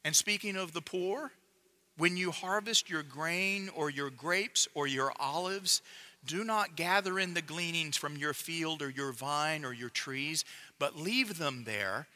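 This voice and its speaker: A man preaching a sermon in a measured, emphatic way, dropping to a hush to drive points home. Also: fairly high pitch.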